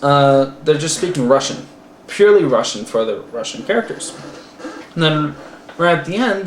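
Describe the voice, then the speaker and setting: A man casually reviewing a film for a class, rambling with many fillers and self-corrections. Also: a little high. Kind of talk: casual spoken movie review. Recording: roomy echo, faint background noise.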